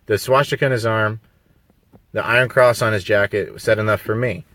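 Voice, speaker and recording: A man's voice: on the low side, fairly even intonation, moderate pace, pushed and bright, no room sound. A man talking on a live video stream, rambling and emphatic, full of rhetorical questions. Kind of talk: casual live-stream monologue. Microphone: phone on a mobile signal.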